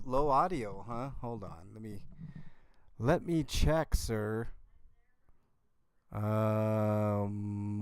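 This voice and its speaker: A man hosts a casual live-stream chat from his home setup. His voice sits low and he talks at an unhurried pace. The sound is close and dry, with little room to it. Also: no room sound. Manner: low-key, mumbling, talks to himself while fixing audio. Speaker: livestream host.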